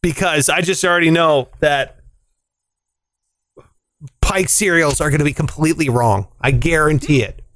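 A man co-hosting a podcast, reading out listener comments in casual chat, animated and jokey, swearing and leaping up in pitch when he argues. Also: moderate pace, long pauses, no room sound.

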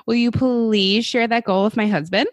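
A woman's voice: on the high side, steady tone, moderate pace, no echo. A woman co-hosting a podcast in casual chat, candid and chatty, laughing easily. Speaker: podcast co-host.

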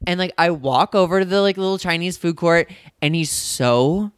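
Man in his thirties, smooth clear voice, dry close sound, chatty storyteller quoting others. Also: high-pitched, normal speed, no echo. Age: 30s. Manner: chatty, acts out quoted dialogue, frequent likes. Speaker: podcast co-host. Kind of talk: casual storytelling chat.

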